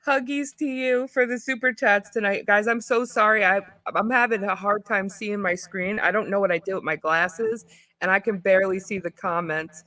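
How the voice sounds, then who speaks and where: A woman hosting a live stream panel, chatting casually, giggly and excitable with lots of fillers. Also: mid-range voice, normal speed, no echo. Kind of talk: casual chat.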